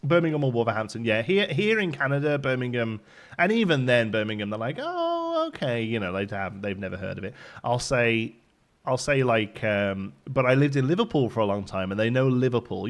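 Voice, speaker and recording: A man in his thirties with a softened Midlands accent, hosting a game livestream in rambling, chatty talk and laughing often. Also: mid-range voice, animated, a little fast. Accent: softened Midlands English. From English Midlands. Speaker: livestream host. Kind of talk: casual chat while streaming a game.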